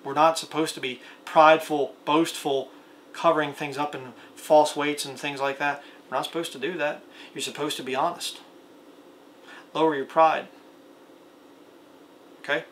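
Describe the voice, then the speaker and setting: Guy preaching a homemade video sermon, gravelly, kinda high voice, asks lots of questions. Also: little pitch movement, moderate pace, pauses often, a bit bright, a little hiss or hum. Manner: plain-spoken, rhetorical questions, reads scripture aloud.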